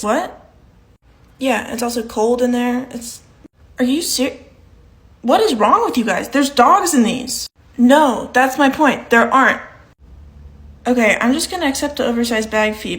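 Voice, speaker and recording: A young woman performing short comedy sketches, playing every part herself with a dry, matter-of-fact delivery. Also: on the high side.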